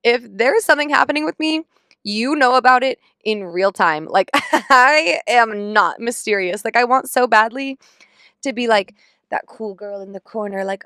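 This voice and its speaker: A woman's voice: medium pitch, normal speed, fairly bright tone, clean tone, dry recording, studio quality. A young woman hosting a podcast, telling a story in a candid, profane, comically exasperated way. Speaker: podcast host. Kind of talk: casual chat.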